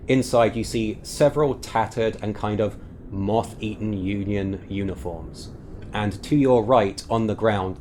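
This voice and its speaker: A man's voice: lowish voice, darkish tone, a little hiss or hum. A man running a tabletop game as game master, describing scenes at length with frequent fillers.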